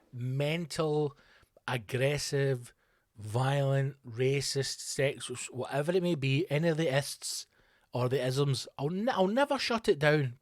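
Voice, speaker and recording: A man hosting a comedy podcast, telling a rambling story with sudden loud, incredulous outbursts. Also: on the high side, dry recording, clean studio sound. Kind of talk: comedic monologue.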